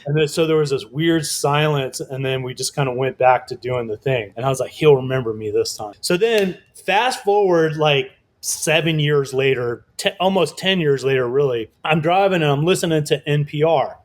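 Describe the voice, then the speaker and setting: A man telling a lively story as a guest in an interview, casual and swearing often, acting out other people's voices. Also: fairly high pitch, moderate pace. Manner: animated, swearing, acts out quoted voices. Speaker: guest artist.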